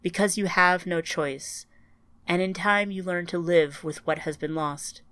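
A woman's voice: lowish voice, steady tone, measured pace, a bit bright, no room sound. A woman playing a grieving older woman with grandchildren, speaking in an earnest, strained, searching way in an audiobook. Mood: resolute.

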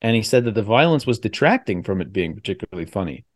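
A man with a fairly low voice hosts a casual podcast, rambling in long chatty runs and stopping to correct himself. His voice is recorded dry and close, with little room sound. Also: big pitch swings, quick pace, dry recording. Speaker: podcast host. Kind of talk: casual chat over a video call. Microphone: video call.

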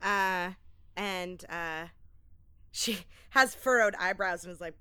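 Bright, crisp woman in a dry room. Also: lowish voice, unhurried, dry recording. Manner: animated, filler-heavy describing. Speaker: player. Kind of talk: narrating character actions.

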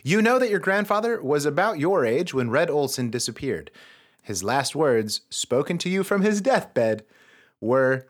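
A game master narrates a mystery game to friends with comic asides, frequent laughter and casual swearing. The voice swoops up and down with a lively, animated pitch. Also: normal speed. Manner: profane, laughs often, breaks into asides. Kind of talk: comedic tabletop game narration.

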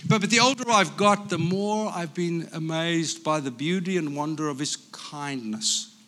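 A man from Africa, a pastor, preaching a sermon in an animated, storytelling way. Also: fairly high pitch, normal speed.

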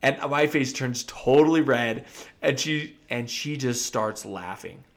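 A dentist telling a funny story from his practice in a casual chat, animated and often laughing. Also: medium pitch, unhurried, creaky. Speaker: podcast co-host.

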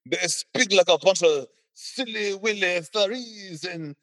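Dude doing a cocky quebec guy, raised voice, slow mock french accent. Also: sits high, fairly bright tone, no echo, voice pushed up. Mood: boastful. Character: proud boastful Quebecer man mocking Parisians.

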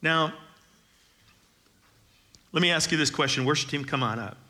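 A man's voice: a little high, normal speed, bright, forceful tone. A middle-aged man preaching a sermon as pastor, conversational with joking asides, building to emphatic declarations.

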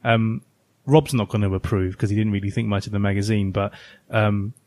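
A man's voice: lowish voice, steady tone, fairly quick, a little mellow, no room sound. A tired man co-hosting a casual podcast, rambling with lots of fillers and restarts. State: tired from little sleep. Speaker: podcast co-host.

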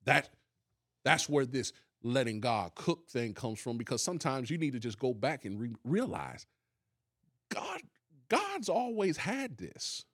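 A man's voice: mid-range voice, huge pitch swings, measured pace, a bit bright, no room sound, studio quality. A man, a pastor hosting a casual faith discussion, who repeats key lines for emphasis. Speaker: pastor and podcast host.

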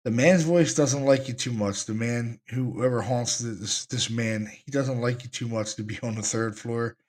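Excited man hosting a ghost-hunting podcast. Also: mid-range voice, normal speed. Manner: excited, enthusiastic, repeats himself. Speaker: podcast host, paranormal investigator. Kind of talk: podcast talk about recordings.

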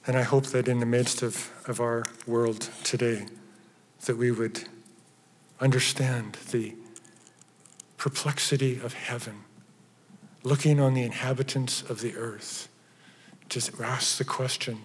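A man preaching a sermon with emphatic stresses that drop at times to hushed, near-whispered phrases. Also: mid-range voice, fairly even intonation, a little slow, pauses often, husky. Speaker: pastor. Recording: reverberant church hall.

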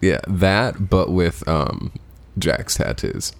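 A man's voice: low-pitched, expressive, slow pace, vocal fry. A man co-hosting a podcast who talks in dry, teasing casual chat.

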